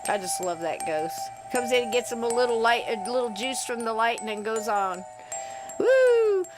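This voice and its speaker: Animated, laughing woman podcast host. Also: on the high side, a little fast, over music. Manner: animated, laughs often, chatty. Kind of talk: casual chat about paranormal clips.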